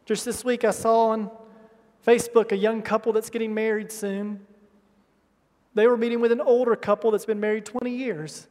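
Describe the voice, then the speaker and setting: A male pastor delivers a sermon with passion, rising into loud, emphatic bursts and then dropping to hushed asides. His voice sits very high for a man. A long reverb hangs behind every line, as in a large church sanctuary.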